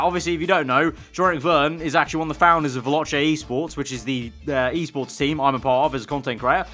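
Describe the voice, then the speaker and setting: A man's voice: on the high side, steady tone, quick pace, hardly any pauses, sharp tone, soft background music. A man commenting on his racing game as he plays, chatty with wry, sarcastic asides. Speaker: gaming video creator.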